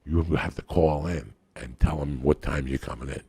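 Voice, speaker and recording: Gravelly deep-voiced man telling crude stories. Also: normal speed, dark tone, a little hiss or hum. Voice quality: gravelly raspy. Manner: profane, rambling, raucous. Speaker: podcast guest. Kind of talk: crude comic storytelling.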